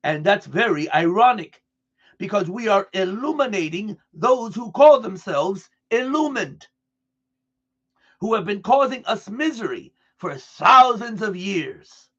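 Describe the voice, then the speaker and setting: High-voiced man reading aloud earnestly. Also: animated, a bit bright, husky, highs cut off. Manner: earnest, deliberate delivery with restarts over words. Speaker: reader.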